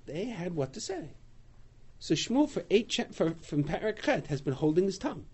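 A man teaching a Bible class, retelling the story with animated storytelling and acting out the quotes. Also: high-pitched, moderate pace, husky. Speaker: Torah teacher.

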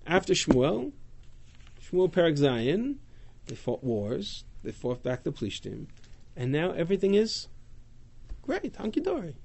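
Male teacher with a gravelly voice, animated, reading out verses and explaining them. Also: a little high, a little slow. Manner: animated, reads Hebrew verses then paraphrases them. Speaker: Torah teacher. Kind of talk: text-study class.

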